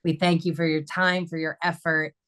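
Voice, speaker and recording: A woman's voice: low voice, flat delivery, moderate pace, fairly bright tone. A woman hosting an online webinar, giving closing announcements and a donation appeal in an upbeat, conversational way. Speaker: webinar host. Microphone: video call.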